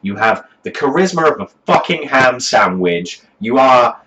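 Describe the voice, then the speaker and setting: Male reviewer, exasperated profane rant, mid-pitched voice, muffled home-recorded sound. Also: sing-song, a little slow, bright, forceful tone. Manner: swears constantly, mocking and exasperated. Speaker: music review host.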